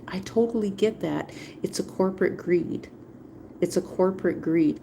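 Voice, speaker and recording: A woman's voice: lowish voice, fairly even intonation, moderate pace, vocal fry, warm tone, slight background noise. A woman hosting a livestream, talking casually in a rambling way and repeating phrases for emphasis. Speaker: livestream host.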